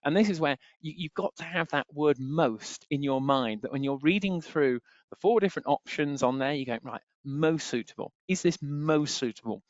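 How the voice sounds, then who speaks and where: A man's voice: a little high, moderate pace, hardly any pauses, no room sound. Male tutor, chatty webinar delivery, dry, slightly dull audio. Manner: chatty, repeats filler phrase "on there". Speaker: exam tutor. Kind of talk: webinar teaching.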